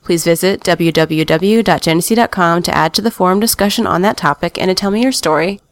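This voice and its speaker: A woman's voice: lowish voice, fast talker, dry recording. A woman hosting a gaming podcast, reading the news of the week with wry asides and laughing often. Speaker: podcast host.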